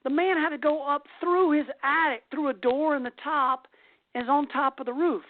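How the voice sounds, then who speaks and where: High-voiced woman telling a story. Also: steady tone, normal speed, dry recording. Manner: chatty, with restarts. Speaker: host. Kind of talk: casual storytelling. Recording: tinny phone-like dry line.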